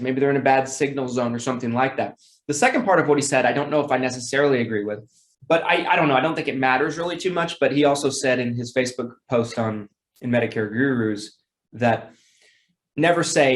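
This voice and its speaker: A man's voice: medium pitch, normal speed, echoey room. A man teaching sales calls in a casual, repetitive way, acting out phone scripts in an upbeat tone. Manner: demonstrates phone scripts with bright, excited tones; casual, repeats words, self-corrects. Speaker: sales trainer. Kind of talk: sales training talk.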